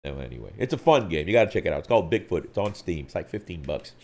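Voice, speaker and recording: A man's voice: deep voice, sing-song, racing, vocal fry, a little mellow. Guy on a live stream telling a game story, voice jumps all over, acts out the parts. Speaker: co-host of a hobby live stream.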